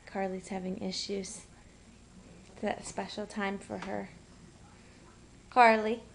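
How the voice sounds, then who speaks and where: A woman's voice: mid-range voice, flat delivery, slow pace, gravelly, slight background noise. A woman filming her toddler at home on a camera's built-in mic, coaxing her in sing-song baby talk and scolding her now and then. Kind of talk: home video, talking to a toddler.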